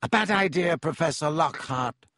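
A man voicing a cold, sneering male potions master in an audiobook, speaking slowly and silkily. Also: fairly high pitch, expressive, a bit bright, dry recording, studio quality, voice pushed up.

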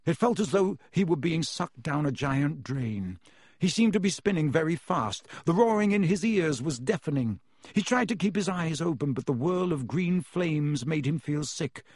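A man narrates a fantasy storybook in a measured, expressive reading. His voice sits a little high for a man, and the close studio mic leaves it completely dry, with no room sound at all. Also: no echo. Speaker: audiobook narrator.

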